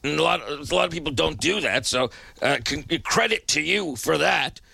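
A male radio host with a heavily gravelly, bright, tense voice, picking his words slowly and haltingly. The sound is dry and close to the mic. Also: fairly high pitch, expressive, no echo. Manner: halting, hesitant, measured. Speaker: radio talk show host. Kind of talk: call-in radio talk.

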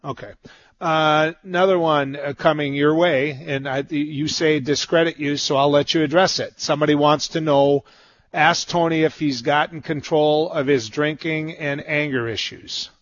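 A man hosting a radio talk show, brisk and conversational with a caller. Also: on the high side, steady tone, dry recording, dull audio.

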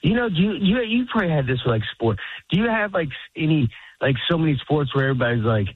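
A man's voice: a little high, animated, fast, slightly rough, no echo, phone-quality sound. Comedian guy rambling in an interview, laughs a lot, thin phone-ish sound. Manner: rambling, laughs often, acts out quotes. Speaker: stand-up comedian, guest. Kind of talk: casual interview chat.

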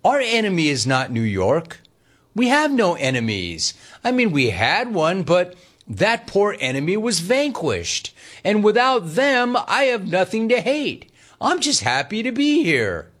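A man hosting a sports talk radio show, teasing callers in an animated way. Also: high-pitched, unhurried. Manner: animated, mock-serene teasing. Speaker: radio host.

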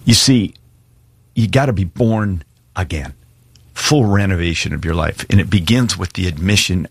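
Deep husky-voiced pastor preaching. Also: male voice, lively intonation, normal speed, no room sound. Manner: earnest, pleading, varies pace for emphasis. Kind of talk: sermon with altar call.

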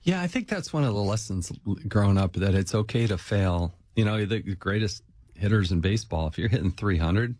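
A man with a fairly low voice hosts a casual interview, speaking conversationally and reflectively. The sound is close and dry, as if recorded in a treated studio. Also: expressive, brisk, a little mellow, no echo.

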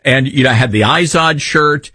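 A man's voice: medium pitch, normal speed, pushed and bright, breathy edge, no room sound. A man in his fifties hosting a talk radio show, opinionated, rambling and jokey. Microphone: studio mic.

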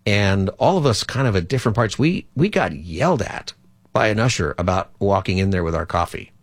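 A man's voice: lowish voice, animated, a little fast, no room sound. A man hosting a call-in radio talk show as a pastor, speaking in a chatty, rambling, conversational way.

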